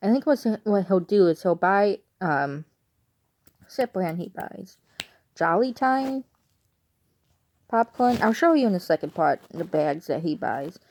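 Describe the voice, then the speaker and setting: A woman's voice: on the low side, lively intonation, a little slow, pauses often, darkish tone. A woman with a Chicago accent chatting casually to camera at home, rambling and correcting herself as she goes. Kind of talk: casual vlog chat.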